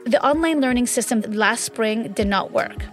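Higher-pitched mom talking in an interview, animated, lots of "like", bit of music behind. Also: female voice, normal speed. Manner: animated storyteller, acts out quotes, many fillers. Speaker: interviewee, parent. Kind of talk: casual interview.

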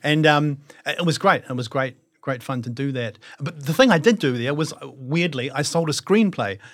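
A man's voice: a little high, expressive, moderate pace. A middle-aged man with a New Zealand accent, a guest actor reflecting in a casual interview and often restarting his sentences. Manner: reflective, self-deprecating, many restarts.

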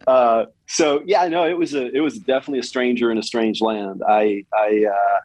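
A man's voice: medium pitch, fairly even intonation, moderate pace, a little mellow, no room sound, poor audio. A man in his fifties with a slight Southern accent from Kentucky, talking casually as an interview guest, often restarting and repeating words.

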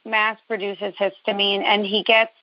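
This New Jersey caller speaks a little slowly at a medium pitch with little pitch movement, telling a long story in rambling detail and with some sarcasm. The lo-fi phone recording sounds dull and dry, with no room sound.

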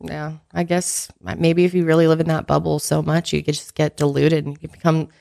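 A woman's voice: deep voice, little pitch movement, fairly quick, creaky, warm tone. A woman co-hosting a casual gossip podcast, blunt and swearing freely, laughing at her own jokes. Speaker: podcast co-host.

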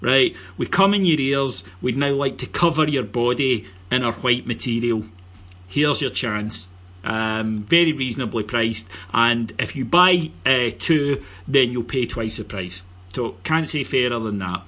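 Scottish man, podcast host, middle-aged, bright tone, husky, joking banter. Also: mid-range voice, a little slow. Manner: joking, banter-heavy, promotional. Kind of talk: casual podcast chat.

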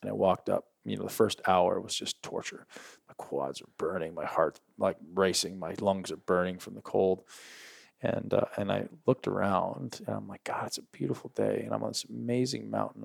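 A man's voice: on the low side, steady tone, normal speed, vocal fry, breathy edge, no echo, clean studio sound. A man hosting a podcast, talking enthusiastically in a coaching tone about mindset and breathing. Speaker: podcast host. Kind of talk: casual podcast interview.

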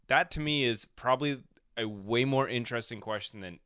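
A man's voice: mid-range voice, a little fast, sharp tone, clean tone, no room sound, studio quality. A man co-hosting a podcast, chiming in with upbeat, eager remarks in casual chat. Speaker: podcast co-host.

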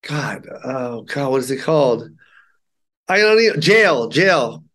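A man's voice: mid-range voice, unhurried. A middle-aged man, a stand-up comedian, telling stories in a casual interview and acting out the people he quotes. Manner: animated, acts out quotes in character voices.

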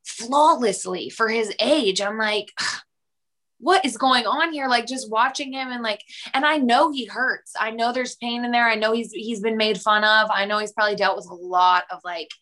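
A young woman guest on a podcast, talking earnestly and warmly in a casual conversation, laughing often and acting out little scenes. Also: on the high side, moderate pace. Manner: warm, earnest, laughs often, animated retelling.

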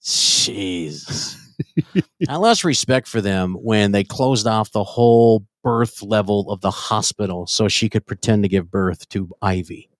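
A man's voice: lowish voice, slow pace, no room sound. A middle-aged man co-hosting a comedy podcast, brash and profane, ranting in casual chat. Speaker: podcast co-host.

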